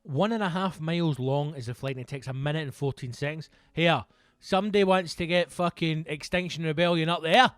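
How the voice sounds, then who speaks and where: A man's voice: fairly high pitch, a little fast, fairly bright tone, clear, resonant tone, dry recording. A Scottish man hosting a podcast alone, rambling through casual comedic chat with lots of swearing and jokes. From Scotland. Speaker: podcast host.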